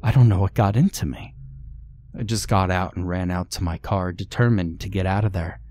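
A man's voice: deep voice, steady tone, moderate pace, darkish tone, slight background noise, lightly acted. A man reading the part of a frightened, tearful young woman who fled her home at night. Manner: pleading, tearful. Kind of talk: scripted horror story reading.

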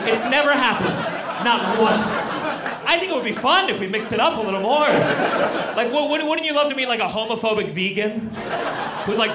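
A man in his thirties doing a stand-up comedy set, animated and shouting punchlines. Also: very high voice, fairly quick, a loud crowd. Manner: animated, shouts punchlines, acts out quoted voices. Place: comedy club stage with live audience. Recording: loud audience noise and laughter.

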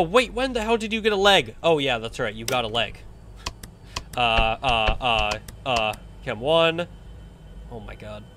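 A young man giving casual let's-play commentary, chatting to the game characters and breaking into excited shouts. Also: fairly high pitch, a little hiss or hum. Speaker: gameplay commentator.

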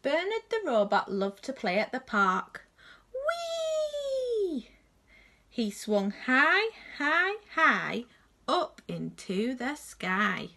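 A woman from a nursery reading a children's story aloud with slow, expressive delivery. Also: a little high.

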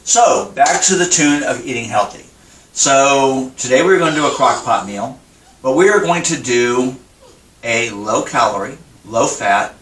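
A man's voice: medium pitch, fairly bright tone. A man hosts a casual cooking vlog, talking in a candid, rambling way. He sounds some distance from the microphone. The room around him is echoey. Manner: candid, rambling, emotional about his struggles. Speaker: cooking vlogger. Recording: roomy sound from a distant mic.

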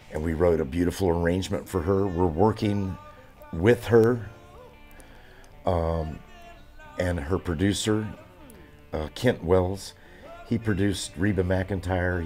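Deep-voiced man in his seventies. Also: a little mellow. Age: 70s. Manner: rambling, halting with fillers and restarts. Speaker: drummer. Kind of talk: interview.

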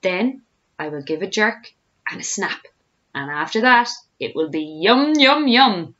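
A woman voicing a sly, greedy male crocodile in a storybook reading, scheming in hushed whispers and yelping shrilly when hurt. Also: mid-range voice, animated, a little slow, highs cut off.

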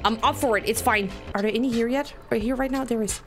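A woman giving excitable let's-play commentary, gasping and chattering to herself as she plays. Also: on the high side, fast talker, soft background music. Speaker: video game streamer.

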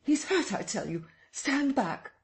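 A man voicing a frantic male doctor who shouts in high, strained bursts as he wrestles a captive in an audiobook. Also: sing-song, unhurried, creaky, heavily acted. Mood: urgent. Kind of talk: audiobook dialogue.

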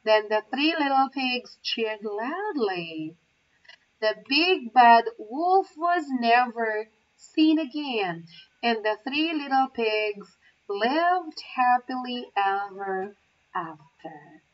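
Slow, careful woman reading a story. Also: on the high side, animated. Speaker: English teacher trainee. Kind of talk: reading a children's story aloud. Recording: muffled, from far off the mic.

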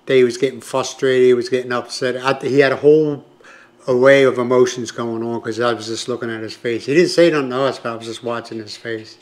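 A fast-talking older man from the US, his voice mid-range and his intonation fairly even, spins a long tale for his vlog viewers. The telling is casual and conversational, rambling with lots of side comments.

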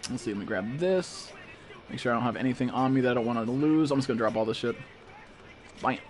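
A man streaming a game live, chatting casually and excitably with viewers and swearing constantly. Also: mid-range voice, fast. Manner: profane, excitable, calls viewers bro and dude. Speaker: gaming streamer.

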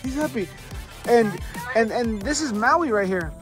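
A woman's voice: on the high side, expressive, unhurried. A woman playing with a toy monster truck for her child's video, sing-song and full of exaggerated exclamations. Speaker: parent filming a toy video. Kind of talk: playful toy play with a child. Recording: loud background music.

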